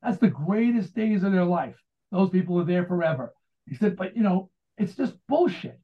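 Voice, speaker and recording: In his sixties and American-accented, this author and rock singer discusses his writing in a relaxed, rambling interview full of restarts and asides. His voice sits high and sounds expressive at a moderate pace, coming through a tinny, phone-like line.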